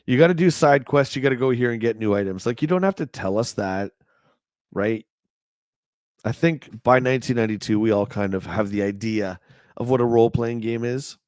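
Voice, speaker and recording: A man's voice: mid-range voice, brisk, darkish tone, dry recording, studio quality. A man hosting a casual livestream, reading old magazine reviews aloud with wry, joking asides and chatting back to his viewers. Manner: chats back to a live chat. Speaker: livestream host.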